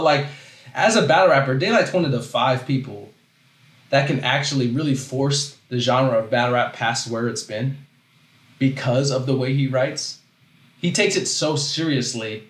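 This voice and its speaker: This man hosts a laid-back livestream, his animated talk wandering and interrupting itself before he stops to read out messages from chat. He speaks at a typical mid-level pitch, and the recording carries a roomy echo.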